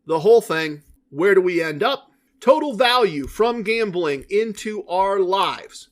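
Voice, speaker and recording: A middle-aged man hosting a solo podcast, chatty and self-deprecating, correcting himself as he talks. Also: high-pitched. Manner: mock-boastful in a put-on triumphant voice. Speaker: podcast host.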